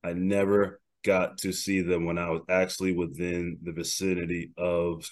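Upbeat low-voiced podcast host. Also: male voice, little pitch movement, normal speed. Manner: upbeat, laughs easily, gives shout-outs. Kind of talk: casual podcast chat.

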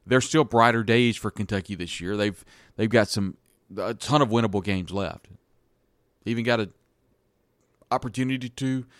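A man's voice: lowish voice, no echo, clean studio sound. A man hosting a sports podcast, talking through a college football game in a casual, rambling monologue with frequent restarts. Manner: conversational, frequent restarts and hedges.

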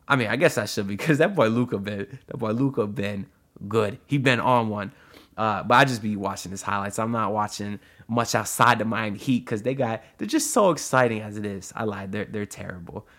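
This solo sports podcast host keeps his commentary casual, rambling into asides and dropping frequent "uh"s into an audio-only mic. He speaks fairly quickly, with a voice on the low side and a fairly bright tone.

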